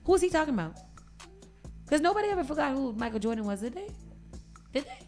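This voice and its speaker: A woman's voice: sits high, sing-song, fast, a little mellow, faint music behind. A woman hosting a morning radio show, reading entertainment news and riffing on it with sassy commentary. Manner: reads news items then riffs with sassy commentary. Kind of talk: casual morning radio chat.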